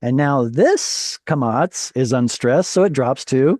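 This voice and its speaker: A man with a mellow, warm tone leads an online class over a video call. He explains step by step, puts questions to his students and corrects himself as he goes. His voice is close and dry. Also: medium pitch, expressive, slow pace, dry recording. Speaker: Hebrew teacher.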